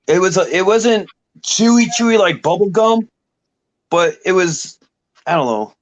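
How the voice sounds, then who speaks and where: A man telling stories in a loose chat, animated and slipping into the voices of everyone he quotes. His voice sits a little higher than most men's. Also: measured pace, no room sound. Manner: animated storyteller who acts out quoted voices. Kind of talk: casual storytelling chat.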